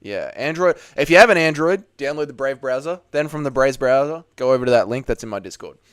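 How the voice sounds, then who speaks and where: A man's voice: mid-range voice, animated, quick pace, clean tone. A man with an Australian accent hosting a casual livestream, chatting with viewers and commentating a fight in a blunt, sweary, joking way. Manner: sweary, blunt, jokey, laughs often. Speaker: livestream host.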